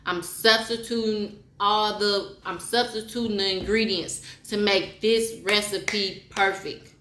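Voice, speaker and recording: A woman's voice: mid-range voice, steady tone, slow pace, background noise. A woman vlogger speaking frankly, reading a poem and then giving a repetitive, heartfelt pep talk. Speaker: motivational vlogger. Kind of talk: frank personal monologue with spoken poetry. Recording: roomy echo.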